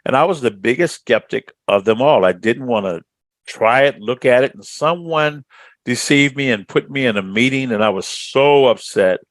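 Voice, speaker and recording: A man's voice: medium pitch, animated, normal speed, dry recording. A middle-aged man from Chicago, answering interview questions as a speaker trainer in a confident storytelling manner. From Chicago, USA.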